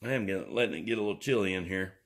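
A man's voice: low voice, racing, creaky. A man, rambling and joking his way through an indoor vlog. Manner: rambling, jokey, drawling. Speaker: vlogger.

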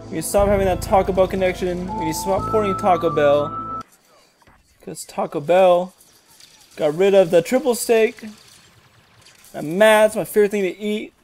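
A gamer giving jokey, excitable commentary over a shooter game, yelling at other players with sudden leaps in pitch. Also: moderate pace, pauses often, soft background music. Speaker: gaming commentator. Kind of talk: gameplay commentary.

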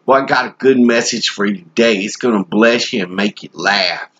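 A man's voice: lowish voice, moderate pace, fairly bright tone, lo-fi sound, slight background noise. A man preaching a comic sermon in a folksy, joking, rambling way.

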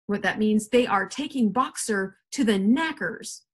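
A woman voicing a frantic old male donkey who shouts urgent warnings in a high, shrill voice. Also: expressive, unhurried, husky. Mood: grim.

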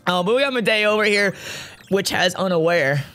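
A man's voice: high voice, fairly quick, faint music behind. A young man co-hosting a casual gaming chat, telling rambling stories and laughing often. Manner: animated, laughing, rambling storyteller. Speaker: co-host.

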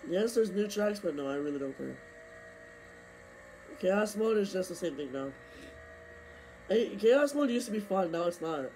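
Young man, high-pitched voice, racing game commentary, excitable outbursts, grumbling, strained voice, faint hiss. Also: moderate pace, long pauses. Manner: excitable, complaining, bursts of yelling. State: losing his voice. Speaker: gaming streamer. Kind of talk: live gameplay commentary.

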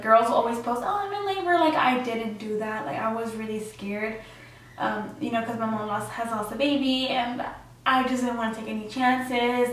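A woman's voice: on the high side, distant mic. Chatty young woman in echoey room. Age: young adult. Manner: chatty, many fillers, acts out quotes. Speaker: vlogger. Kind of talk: personal story vlog.

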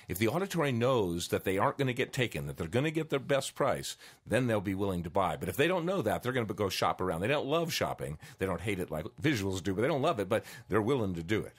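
A man giving a casual spoken lesson on persuasion, conversational and relaxed, acting out customers and salesmen as he goes. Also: fairly low pitch, fast talker, few pauses, slightly rough. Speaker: mindfulness teacher.

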